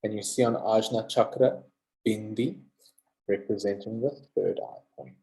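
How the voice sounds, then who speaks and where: A man teaching a recorded yoga lesson, slowly repeating Sanskrit terms and having listeners say them back. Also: on the low side, steady tone, warm tone, roomy sound, poor audio. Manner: drills pronunciation, repeats words slowly and asks listeners to say them.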